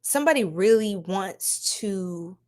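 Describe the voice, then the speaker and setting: A woman's voice: mid-range voice, animated, slow pace. A woman giving a casual livestream tarot reading, laughing often and chatting with viewers.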